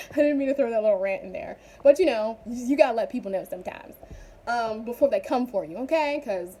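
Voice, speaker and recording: A young woman chatting casually in a vlog, animated and rambling with frequent asides. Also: a little high. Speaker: vlogger.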